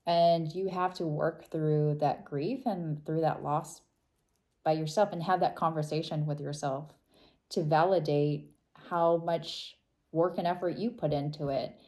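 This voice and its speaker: A woman talks through a tarot reading to her viewers in a soft, thoughtful way. Her voice is low and mellow, and she takes her time, trailing off and starting over as she goes. It sounds like casual, unhurried talk. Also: fairly even intonation. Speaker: tarot reader.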